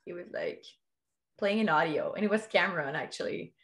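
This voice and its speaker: A woman's voice: fairly low pitch, a little fast, a bit bright. A woman who is not a native English speaker, telling her story as a podcast guest in a candid way, swearing freely and laughing often. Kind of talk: casual interview storytelling.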